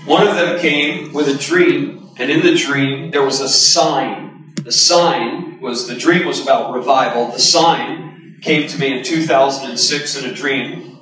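A man's voice: medium pitch, fairly bright tone. A man preaching a sermon, telling a personal story in a candid, conversational way with emphatic bursts. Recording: echoey hall, voice from a distance.

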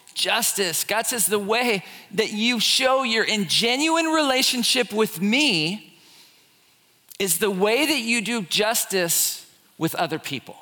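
A man preaching a sermon as a pastor, animated and quick to act out the voices of the people he describes. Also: high voice, in a large hall. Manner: animated, acts out voices of complainers. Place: church sanctuary.

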